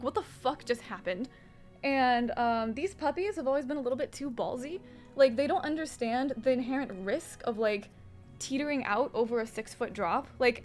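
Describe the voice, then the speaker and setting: A young adult woman streaming from home, chatting casually and rambling with frequent swearing while she does her makeup. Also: high voice. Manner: rambling and profane, chatting with viewers.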